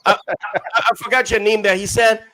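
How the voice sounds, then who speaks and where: A young Liberian man argues hard on a forum panel in an impassioned political case, reading quotes aloud and repeating phrases to drive points home. His voice sits high with fairly even intonation and a brisk pace, captured roughly amid crowd noise.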